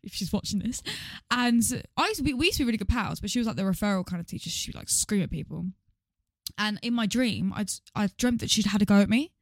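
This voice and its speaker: A woman's voice: mid-range voice, lively intonation, quick pace, no room sound. A young woman, a podcast co-host who teases and tells stories in casual chat. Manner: giggly, teasing.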